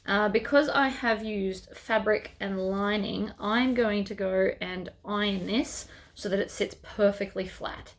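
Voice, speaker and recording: A woman's voice: medium pitch, unhurried, few pauses. A woman hosting a sewing tutorial, chatting casually as she works through each step.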